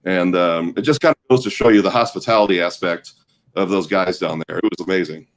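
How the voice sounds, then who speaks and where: A man's voice: deep voice, brisk, rough recording. A man in his forties from the American Midwest, casually telling a long, rambling anecdote as a guest, often restarting his sentences. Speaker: guest storyteller. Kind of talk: casual chat.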